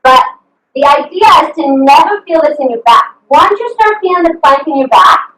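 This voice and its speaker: A woman's voice: high-pitched, expressive, normal speed, fairly bright tone. A woman fitness coach leading a live online workout, upbeat and encouraging, cheering her class on with whoops over a video call. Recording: echoey video call from a distant mic.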